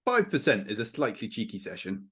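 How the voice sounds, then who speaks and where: Man trading lively dry quips. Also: on the low side, husky. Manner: quick dry quips, jokey. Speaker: podcast co-host. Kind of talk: casual chat.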